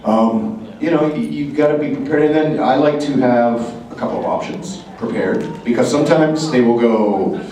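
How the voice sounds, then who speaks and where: A man, a voice actor, speaking at a convention panel and jumping into quick voices and asides. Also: medium pitch, dark tone, a little hiss or hum. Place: large convention hall. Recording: echoey hall, mic heard from a distance.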